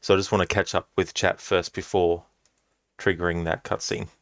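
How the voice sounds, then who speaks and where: A man streaming a game live, reading and answering chat in a relaxed, chatty way and laughing often. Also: low voice, moderate pace, gravelly, dry recording.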